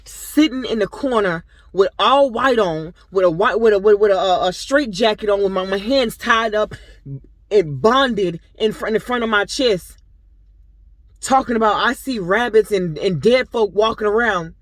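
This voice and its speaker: A woman's voice: medium pitch, moderate pace, dry recording. A young adult woman talking straight to her viewers in a casual vlog, telling stories in an earnest, rambling way full of fillers. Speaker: vlogger and boutique owner. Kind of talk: casual personal vlog talk.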